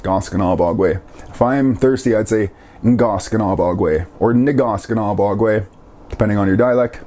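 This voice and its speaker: Mellow-voiced man teaching vocabulary. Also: on the low side. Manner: repeats each word slowly to model its pronunciation. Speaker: language teacher. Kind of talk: casual language lesson.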